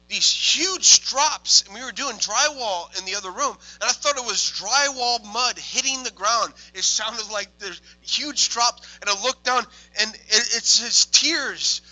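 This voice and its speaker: A young adult man, a minister telling testimony stories in an excitable way, moving from hushed tones to loud exclamations. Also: very high-pitched, poor audio. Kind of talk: testimony storytelling.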